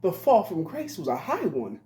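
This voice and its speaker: A man's voice: high voice, wildly swooping pitch, normal speed, mellow. A man in his twenties giving a rambling monologue, blunt and profane. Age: 20s. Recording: roomy echo.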